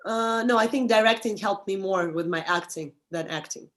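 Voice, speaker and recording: A young adult woman with a Russian accent, speaking English in a casual interview as a director and actress, halting and restarting as she explains. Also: medium pitch. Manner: halting, restarts often, animated advice.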